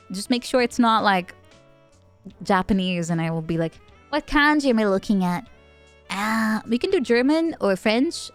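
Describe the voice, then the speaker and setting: A young woman with a Dutch accent, a native Dutch speaker, streaming and chatting casually with viewers, giggly and playful. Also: medium pitch. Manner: giggly, playful, chatty, reading chat aloud. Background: faint background music.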